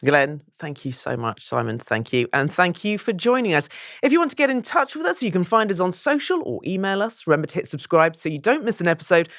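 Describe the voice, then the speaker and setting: Quick, lively woman host. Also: on the low side, no room sound, clean studio sound. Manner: quick, playful, teasing. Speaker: podcast co-host. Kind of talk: interview hosting.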